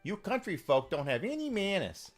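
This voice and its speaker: A man's voice: high-pitched, wildly swooping pitch, moderate pace, faint music behind, voice pushed up. A boastful young wizard, as a man raises his voice to play him in a game, speaking indignantly. He brags about his rank and scoffs at country manners. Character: proud young male mage, touchy and boastful.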